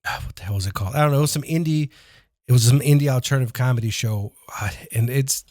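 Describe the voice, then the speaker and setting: A man talks at a rapid clip in a dry, close-miked podcast studio. He is a comedian guest spinning a rambling, profane story and voicing his own past lines along the way. His pitch sits in an ordinary middle range. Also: darkish tone, dry recording. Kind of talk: casual podcast chat.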